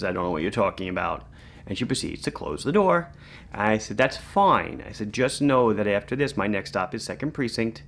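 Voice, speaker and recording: A man's voice: lowish voice, gravelly, slight background noise. A middle-aged man, a watch shop owner telling a story on his vlog and acting out the quotes. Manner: animated storyteller, acts out quotes.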